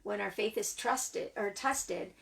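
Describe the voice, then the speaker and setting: A woman's voice: mid-range voice, slow pace, gravelly, a bit bright. A woman co-host in a casual faith discussion who thoughtfully connects faith to her own experience. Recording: distant mic with faint background noise.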